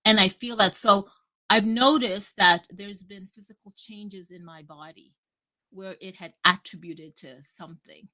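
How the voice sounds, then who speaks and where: Bright-voiced woman rambling animatedly. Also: medium pitch, measured pace. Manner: rambling, animated, self-interrupting, swears casually. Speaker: guest speaker. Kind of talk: casual talk on a live audio chat.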